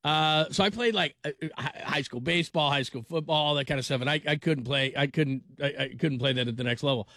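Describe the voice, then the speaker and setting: A male sports radio host in casual chat, talking in a slightly high voice. He rambles and jokes, stumbles and restarts his sentences, and sounds dry and close to the mic. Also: fast, few pauses, bright, forceful tone, no room sound. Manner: rambling, jokey, many restarts.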